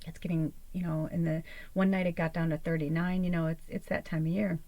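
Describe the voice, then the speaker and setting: A woman's voice: fairly low pitch, flat delivery, a little fast, dark tone, no echo, rough recording. A woman host chatting casually, telling a rambling personal story with plenty of fillers and swearing. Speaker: channel host. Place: small camper or home interior.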